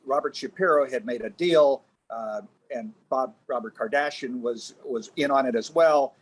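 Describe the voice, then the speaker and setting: A man who is a former television news reporter, telling a story as a guest in a halting, reflective way. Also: medium pitch. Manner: halting, recollecting, pausing to find words. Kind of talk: casual anecdotal storytelling.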